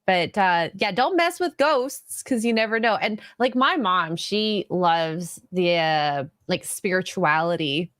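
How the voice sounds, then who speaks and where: A woman's voice: lowish voice, expressive, slow pace, hardly any pauses, a bit bright, no room sound, studio quality. A woman from Canada co-hosting a live stream, chatty and giggly, often trailing off mid-sentence. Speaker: podcast co-host. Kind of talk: casual live-stream chat.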